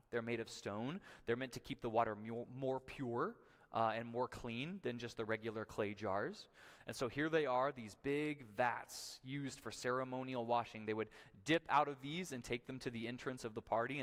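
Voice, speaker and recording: A man's voice: medium pitch, long reverb tail. A male pastor delivering a sermon in a conversational teaching style, often checking in with his listeners. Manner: conversational teaching with frequent "right?" asides. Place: church sanctuary.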